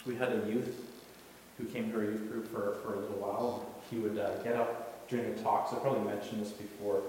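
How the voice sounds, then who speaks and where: A man preaches in a relaxed, conversational way, acting out the people in his stories. His voice rings through a large, echoing hall and is picked up from some distance. There is a faint hiss in the background. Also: on the low side, brisk. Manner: casual, storytelling, acts out quotes. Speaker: youth pastor. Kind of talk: sermon. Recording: echoey hall, distant mic, faint noise.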